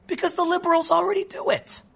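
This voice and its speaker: A man hosting a casual political commentary monologue, animated and ranting, often restarting his sentences. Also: very high voice, quick pace, vocal fry.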